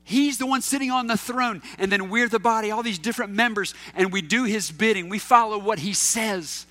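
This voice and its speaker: Pastor, male, middle-aged; high, forceful voice, easygoing anecdotal preaching with fillers. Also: a little fast. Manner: casual and anecdotal, with fillers and repeats. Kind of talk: conversational sermon.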